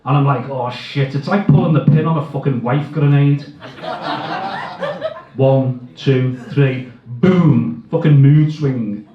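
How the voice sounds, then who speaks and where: Foul-mouthed comic. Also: male voice, mid-range voice, a little slow. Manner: crude, swearing, self-mocking. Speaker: stand-up comedian. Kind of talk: stand-up comedy set. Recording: echoey, distant, dull live sound.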